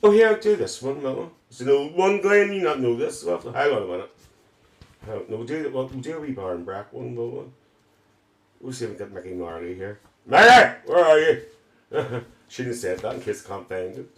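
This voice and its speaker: On a comedy livestream, a man with a mid-range voice performs a brash, gossipy older Northern Irish auntie in a Northern Irish accent. His delivery is lively, fairly quick and lightly acted, and the character rambles through anecdotes sprinkled with "dear" and "uh-huh."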